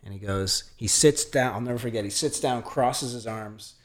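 Man, podcast guest, casual storytelling, animated, acts out dialogue, middle pitch. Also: normal speed. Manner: frequent fillers and restarts.

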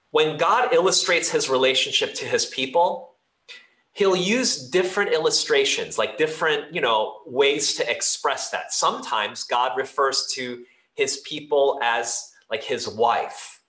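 In an echoey church hall, a pastor preaches a sermon in a mid-range voice that is expressive, sharp and a little slow. He talks earnestly and conversationally, with loose fillers and restarts.

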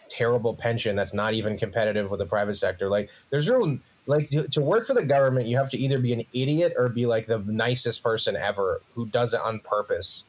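A young man, a podcast co-host, telling a story in a casual comedic chat, swearing and ranting with rising energy. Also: medium pitch.

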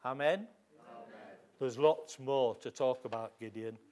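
A man's voice: medium pitch, unhurried, darkish tone. A man with a Northern English accent preaching a sermon in a church hall, emphatic and calling for amens. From England. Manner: emphatic, call-and-response.

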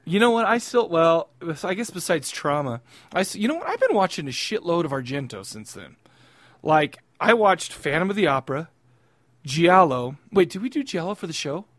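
A young adult man with a fairly high voice co-hosts a podcast. He rambles and laughs through crude, casual banter, close to the mic in a dry room. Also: animated, normal speed, fairly bright tone, no echo. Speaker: podcast co-host. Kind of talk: casual chat.

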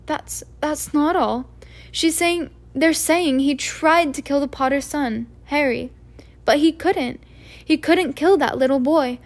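A woman's voice: high-pitched, moderate pace, natural voice. A woman voicing a stern, anxious witch professor. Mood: distressed. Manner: tense, trembling, emphatic. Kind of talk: audiobook reading.

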